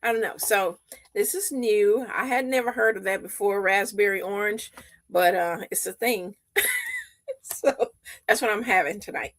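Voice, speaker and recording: A woman's voice: medium pitch, normal speed, a bit bright. A woman co-hosting a casual online chat, chatty and playful, often laughing. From Texas. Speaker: co-host.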